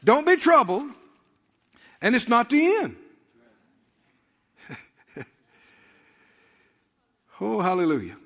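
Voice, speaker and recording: A man preaching a sermon and calling out to the congregation, sometimes rising to a shout. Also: high-pitched, huge pitch swings, extremely slow, long pauses, husky. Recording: muffled sound with long church reverb.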